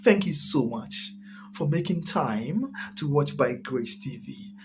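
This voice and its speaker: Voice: medium pitch, lively intonation, takes it slowly, background noise. Chatty Ghanaian live-stream host. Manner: chatty, mixes Twi and English, laughs often. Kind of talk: casual live-stream chat reading viewer comments.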